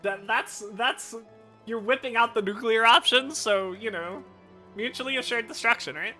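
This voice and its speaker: Brief: excitable streamer, bright tone, music faint behind. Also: medium pitch, moderate pace. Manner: enthusiastic, swearing, rambling. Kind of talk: casual live-stream chat.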